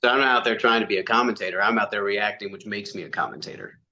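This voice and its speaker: A man, a commentator and comedian, telling stories fast in a casual interview, with quick voiced asides. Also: fairly low pitch, sharp tone, lo-fi sound. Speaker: wrestling commentator and comedian guest.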